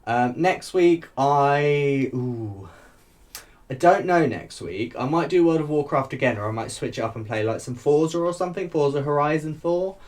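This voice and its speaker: A man's voice: fairly high pitch, lively intonation, moderate pace, a little mellow. A man giving a casual, rambling video review, talking in a chatty way and often laughing. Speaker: YouTube reviewer. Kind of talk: casual chat.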